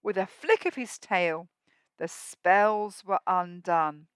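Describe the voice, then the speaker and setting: A woman teacher reading a rhyming picture book to young children at a school assembly, expressive and asking them questions so they join in. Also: lowish voice, takes it slowly, smooth, no room sound. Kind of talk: storybook read-aloud for young children.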